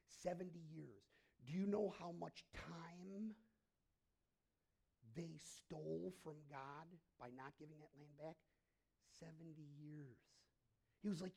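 A male pastor preaching in a lively, conversational way, telling stories and acting out the quotes. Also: on the high side, moderate pace, creaky, slightly rough. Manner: animated, conversational, acts out quotes. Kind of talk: sermon with storytelling.

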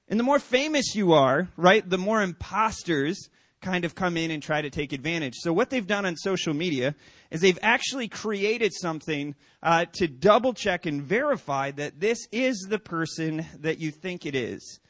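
A male pastor preaching in a church with a fairly high voice. He tells a story and acts out the quoted voices with animated energy. The sound is dry, close and without room echo. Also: moderate pace. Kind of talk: sermon.

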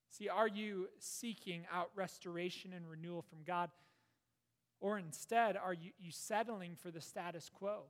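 A man preaching a sermon, earnest, with rises and falls and hushed, prayerful passages. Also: high-pitched. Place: church. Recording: long reverb of a hall.

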